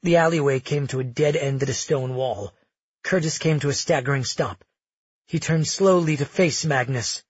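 Man reading a fantasy audiobook, husky voice, a bit high, dull lo-fi sound. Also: normal speed, no room sound. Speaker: audiobook narrator. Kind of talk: scripted fantasy narration.

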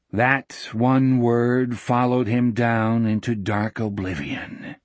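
A man narrating a novel in a measured, dramatic storytelling manner on a close mic. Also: medium pitch, level tone, no room sound. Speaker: audiobook narrator. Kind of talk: scripted narration.

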